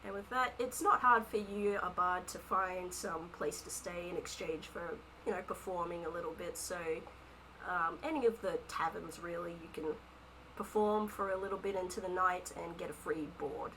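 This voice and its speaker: A woman's voice: lowish voice, normal speed, bright, forceful tone, poor audio. Hesitant woman game master narrating a tabletop session over faint hiss. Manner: hesitant, with frequent fillers.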